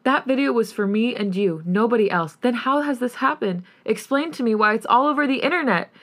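A woman's voice: on the high side, a little fast, fairly bright tone, pitched above the performer's own voice, natural voice. A woman voicing a wounded, angry young man who defends himself with offended disbelief.

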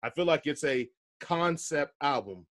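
A man hosting a casual music chat, relaxed and slangy, laughing often. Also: fairly high pitch, measured pace. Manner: laid-back slangy talk, laughs often. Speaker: podcast host.

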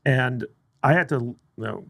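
A man co-hosting a casual movie podcast, retelling scenes in a loose, rambling way full of likes and ums. His voice sits at a middle pitch and sounds close and dry, with no room around it. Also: measured pace, vocal fry, fairly bright tone, no room sound. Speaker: podcast co-host. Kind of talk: casual movie review chat.

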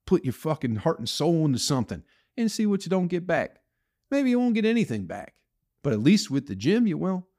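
A man's voice: fairly high pitch, sing-song, a little fast, a little mellow. A man hosting his own podcast, rambling and ranting with heavy swearing and frequent restarts. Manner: profane, ranting, full of restarts. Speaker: podcast host. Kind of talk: solo rambling podcast rant.

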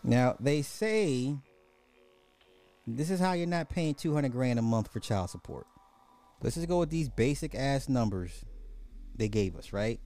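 A man hosting a podcast, giving animated, joking commentary and repeating phrases for effect. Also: medium pitch, a little slow, pauses often. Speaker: podcast host. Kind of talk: casual comedic commentary.

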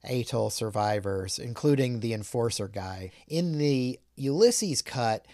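A man's voice: medium pitch, lively intonation, measured pace, warm tone, dry recording, studio quality. A man casually recapping a film plot on a podcast, swearing and rambling. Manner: profane, rambling recap with quoted asides. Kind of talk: casual chat.

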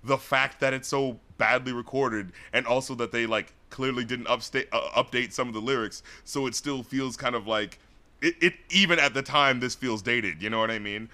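A man co-hosting a podcast, chatting casually through an album review, rambling and animated, full of "like" and "you know". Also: medium pitch, normal speed. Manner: acts out lyrics and studio scenes in loud put-on voices.

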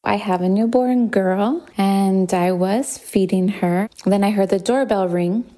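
A woman's voice: medium pitch, unhurried, mellow. A new mother telling a funny story in a hesitant, amused way. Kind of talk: casual anecdote.

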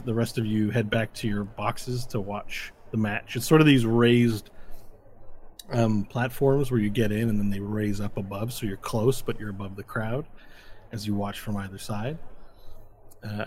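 A man's voice: on the low side, slight background noise. Guy running a tabletop game, chill, rambling. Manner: casual, rambling. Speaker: game master.

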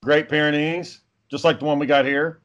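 A man's voice: on the high side, level tone, moderate pace, fairly bright tone, dull audio. A man in his thirties telling a casual story, swearing freely and acting out what people said. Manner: profane, acts out quotes of people in the story.

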